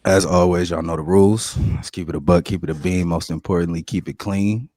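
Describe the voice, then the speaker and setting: A man's voice: sits low, fairly even intonation, brisk, darkish tone, dry recording, studio quality. An American man hosting a casual podcast, laid-back as he welcomes the crew and reads the show plugs. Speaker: podcast host.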